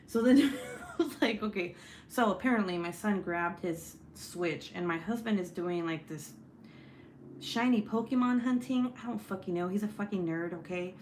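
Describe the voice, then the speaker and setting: Profane storytelling mom in echoey room. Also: female voice, mid-range voice, moderate pace, a little mellow, a little hiss or hum. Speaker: vlogger, mom. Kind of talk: casual chat while crafting.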